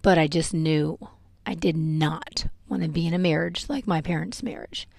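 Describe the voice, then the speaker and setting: A woman hosting a podcast, telling a painful personal story in a halting, emotional way with many fillers. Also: low voice, fairly even intonation, creaky, a little mellow, dry recording. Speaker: podcast host telling her life story.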